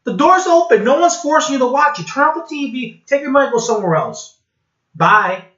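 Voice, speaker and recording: Brief: mocking male vlogger, blunt rant, higher voice, slightly muffled sound. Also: very animated, fairly quick, bright, forceful tone. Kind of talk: sarcastic commentary rant. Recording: dull, roomy home recording.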